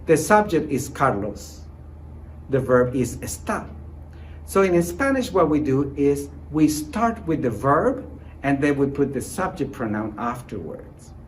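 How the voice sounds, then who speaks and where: A man teaching a recorded online lesson as a Spanish teacher, encouraging his students and modelling example sentences slowly and clearly. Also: mid-range voice, big pitch swings, slight background noise, low-quality recording. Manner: encouraging, repeats short praise and reassurance.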